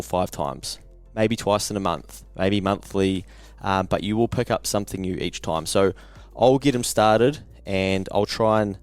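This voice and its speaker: A man's voice: on the low side, no echo. A man with a New Zealand accent hosting a podcast, upbeat, blokey and enthusiastic. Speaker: podcast host. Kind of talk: podcast interview.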